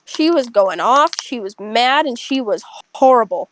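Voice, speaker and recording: A young woman who works as a server tells a story to friends in a casual chat, blunt, profane and animated. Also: on the high side, unhurried, background noise. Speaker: restaurant server telling a story.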